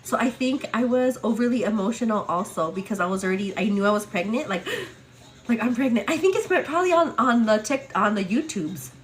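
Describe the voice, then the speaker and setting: Young woman chatting on a livestream, lots of likes and girls, squeaky when she quotes people. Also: brisk. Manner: chatty, many fillers, acts out quotes with high excited pitch. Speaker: livestream host. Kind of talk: casual chat, storytelling to viewers.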